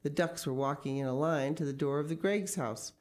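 A woman's voice: low voice, brisk, a little mellow. A woman reading a children's story aloud expressively, with casual asides. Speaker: story reader.

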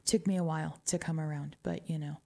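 A woman's voice: sits low, fairly even intonation, fast, creaky, mellow. A woman from New Mexico with a Southwestern twang, chatting casually as a radio DJ between songs, wry and laughing often.

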